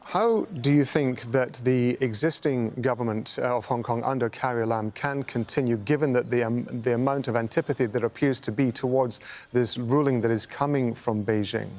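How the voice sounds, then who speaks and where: A man's voice: mid-range voice, fairly even intonation, moderate pace, a little mellow. Polite male news anchor. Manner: polite, formal questioning. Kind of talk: broadcast news interview.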